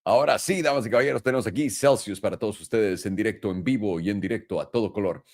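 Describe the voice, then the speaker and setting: A man's voice: lowish voice, rapid-fire. Joking, crude man hosting a trading talk. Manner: loose, profane, joking. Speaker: co-host, trading educator. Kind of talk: casual chat and chart walkthrough.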